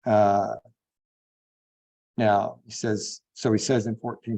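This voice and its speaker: A man teaching a Bible class, unhurried and thinking aloud with frequent fillers. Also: fairly low pitch, level tone, warm tone. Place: online classroom.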